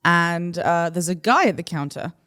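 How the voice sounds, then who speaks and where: A woman's voice: fairly low pitch, lively intonation, moderate pace, fairly bright tone. A young woman from New City, co-hosting a podcast and animatedly telling a story, acting out the voices of the people in it. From New York City. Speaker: podcast co-host. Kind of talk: casual storytelling chat.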